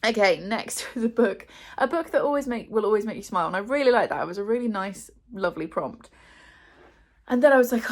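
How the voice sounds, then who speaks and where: A woman's voice: a little high, fairly quick. A young woman from England chatting to camera, with a chatty, self-deprecating manner and many fillers. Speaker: booktuber. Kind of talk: casual chat to camera.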